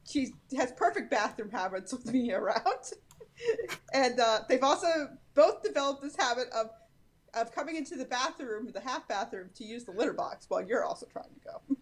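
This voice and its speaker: A woman with a high voice chats over a video call. She tells home anecdotes in a chatty, amused way. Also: animated, moderate pace. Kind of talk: casual group video chat.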